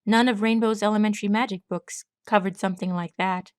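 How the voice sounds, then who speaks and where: A woman narrates her own fan fiction as an audiobook, keeping a steady, even storytelling pace. Her voice sits at a middle pitch for a woman. The sound is close and dry, with no room echo. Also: a little fast, smooth. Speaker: audiobook reader.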